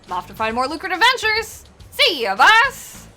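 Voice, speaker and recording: Brief: woman playing a naive young game character who panics easily, bright voice. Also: high voice, lively intonation, a little fast, faint music behind. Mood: sheepish.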